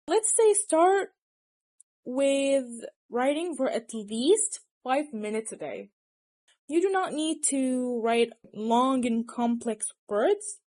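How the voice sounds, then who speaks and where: A woman's voice: fairly high pitch, warm tone. A young woman who speaks natively, giving casual, teasing study advice to her viewers and laughing often. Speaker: language tips presenter.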